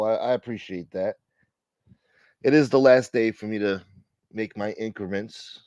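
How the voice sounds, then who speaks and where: A man hosting a livestream as a mock preacher, loud, joking and animated, chatting casually to his viewers. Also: mid-range voice, no echo, muffled recording. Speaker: livestream host.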